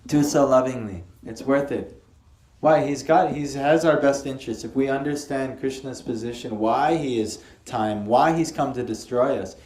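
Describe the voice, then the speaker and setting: A man giving a spiritual lecture on scripture to a small group, lively and asking his listeners questions. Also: medium pitch. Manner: lively, asks the audience questions. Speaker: spiritual teacher. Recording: echoey room, faint ambience.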